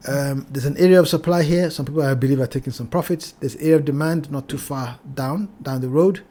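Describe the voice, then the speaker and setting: Speaking briskly in a voice on the high side, this man hosts a crypto trading channel and talks through charts. He cautions his viewers, says things more than once, and calls them "ladies and gentlemen."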